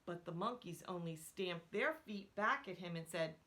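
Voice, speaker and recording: A woman's voice: fairly low pitch, normal speed, a bit bright. A woman reading a picture book aloud to children. She asks her listeners questions and drops into whispered asides.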